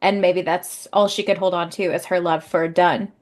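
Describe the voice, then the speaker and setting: A woman's voice: lowish voice, fairly even intonation, normal speed, a little mellow. A young adult woman co-hosting a podcast, chatting casually, laughing often and swearing freely. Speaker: podcast co-host. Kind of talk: casual chat.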